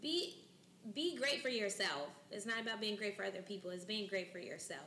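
Woman co-host, upbeat and affirming, bright tone, faint background hiss. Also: medium pitch, lively intonation, a little fast, reverberant. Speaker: podcast co-host. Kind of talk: casual chat.

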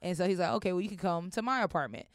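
A woman's voice: lowish voice, racing, no room sound, studio quality. A young woman, telling a personal story casually, acting out voices and swearing freely. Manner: animated, acts out voices, swears often.

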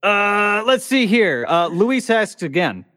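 A man's voice: high voice, big pitch swings, takes it slowly, sharp tone, clean studio sound. Playful male host, long faint reverb. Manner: playful, joking. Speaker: podcast host. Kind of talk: casual interview hosting.

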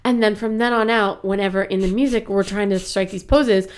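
A woman's voice: mid-range voice, steady tone, a little fast, clear, resonant tone. A woman in her thirties, a guest improv actor, telling stories animatedly in casual chat and laughing often. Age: 30s.

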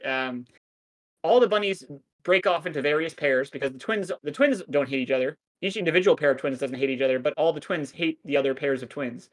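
Speaking fairly quickly in a fairly high voice, a man in his thirties recaps a cartoon while co-hosting a podcast. The casual chat is crude, sardonic and rambling, and he swears a lot.

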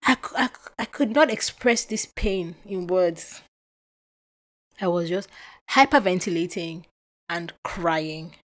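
A woman's voice: on the low side, takes it slowly. A young adult woman from Nigeria hosting a podcast, telling a personal story with emotion and acting out what was said. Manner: animated, emotional retelling with acted-out quotes. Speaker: podcast host.

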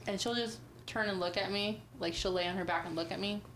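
A woman in casual conversation, relaxed and agreeable as she swaps stories. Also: medium pitch, fairly quick, a little hiss or hum. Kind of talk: casual chat.

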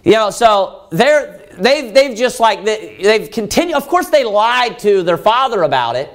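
A man's voice: sits high, sing-song, unhurried. A man preaching a sermon, reading scripture aloud and asking the listeners rhetorical questions, raising his voice to act out pleading characters.

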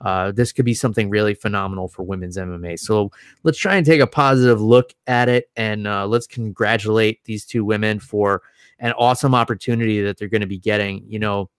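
A man's voice: on the low side, fairly even intonation, a little fast, clear, resonant tone, no room sound, studio quality. A man co-hosting a casual mixed martial arts chat, previewing upcoming fights with enthusiasm and the odd swear word. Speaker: MMA podcast co-host.

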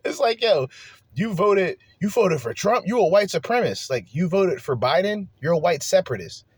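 A man's voice: high-pitched, big pitch swings, normal speed, slightly rough, no echo. A man hosting a podcast, ranting in a heated, profane, emphatic way and firing off rhetorical questions. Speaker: podcast host. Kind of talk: solo opinion rant.

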